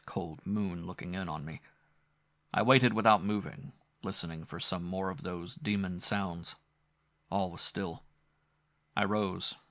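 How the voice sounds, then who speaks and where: A man reading a Victorian ghost story aloud in a measured, dramatic manner. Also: deep voice, a bit bright, no echo, clean studio sound. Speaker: narrator.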